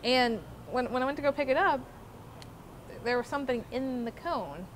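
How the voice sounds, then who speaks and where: A young adult woman telling a story about her old job to the camera in a casual, animated way, swearing often. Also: sits high, moderate pace. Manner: profane, animated, swears freely. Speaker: former theme park worker telling her story. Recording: noisy background.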